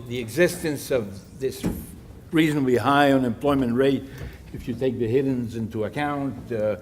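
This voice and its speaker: A man speaking as a panelist in a conference room, answering questions in a measured, academic way with frequent pauses. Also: medium pitch, a little hiss or hum.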